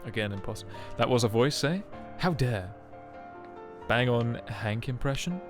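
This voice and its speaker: Animated and mid-range at a normal speed, this young man chats on a game live stream over faint game music. He wanders from topic to topic, teasing himself and tossing in jokes.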